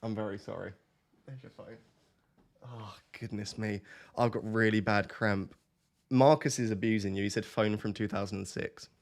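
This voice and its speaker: A man's voice: on the low side, fairly even intonation, normal speed, gravelly. A man, casually chatting with his live stream audience, laughing and reading comments aloud.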